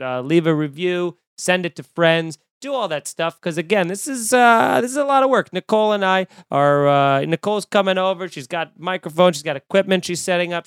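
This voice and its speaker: Brief: male podcast host, lively storyteller, high voice, dry close sound. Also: clean tone, dry recording. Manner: animated, acts out quoted voices. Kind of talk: casual chat. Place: home room.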